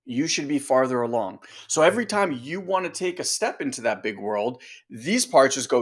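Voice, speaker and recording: A man's voice: medium pitch, expressive, normal speed, few pauses. A male coach giving a motivational talk, emphatic and direct, peppering the audience with rhetorical questions.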